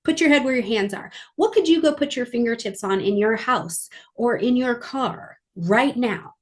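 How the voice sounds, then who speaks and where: A woman astrologer talking through a weekly astrology forecast in a lively, conversational way, sometimes acting out little voices. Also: a little high, normal speed.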